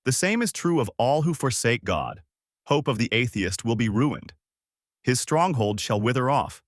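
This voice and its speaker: A man reading the part of a stern friend who rebukes another, in a solemn, measured way. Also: mid-range voice, expressive, no echo, clean studio sound, natural voice. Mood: rebuking.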